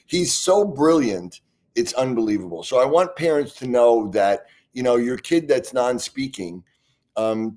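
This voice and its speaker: A man with a mid-range, slightly mellow voice answers interview questions conversationally as a guest expert. He speaks earnestly and with passion, frequently restarting his sentences.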